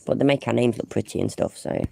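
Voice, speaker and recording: A woman's voice: a bass voice, fast, vocal fry, heavy background noise. A woman giving casual, exasperated reaction commentary on a live stream, swearing and chatting with her viewers.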